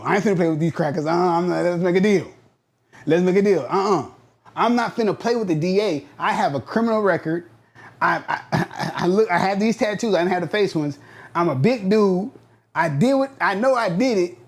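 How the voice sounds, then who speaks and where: A man in his thirties from Southern California tells a long story as a podcast guest. He speaks bluntly and slangily, animated and quick to act out what was said. His voice sits a little higher than most men's. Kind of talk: storytelling interview.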